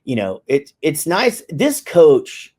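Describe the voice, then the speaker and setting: A man's voice: a little high, huge pitch swings, slow, a little mellow. A middle-aged man co-hosting a podcast in casual chat, rambling loosely and swearing now and then. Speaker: podcast co-host.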